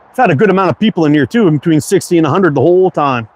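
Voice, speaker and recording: Fifty-year-old Quebec English man, slightly high. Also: expressive, rapid-fire, a little mellow. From Quebec, Canada. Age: 50s. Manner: friendly, repeats words, reads chat aloud. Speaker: livestream host. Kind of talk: casual livestream chat.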